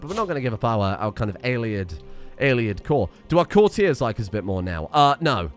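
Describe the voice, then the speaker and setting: A man talks through a strategy game in a loose, thinking-aloud way, throwing in dry little asides. His pitch rises and falls a lot, and his voice sits in a middle register. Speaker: let's play streamer. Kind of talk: casual gameplay commentary.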